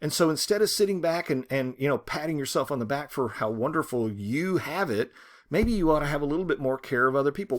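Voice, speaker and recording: A man teaching a short story, talking in an animated, rhetorical way and often checking in with "right?". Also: on the high side, brisk. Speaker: literature teacher.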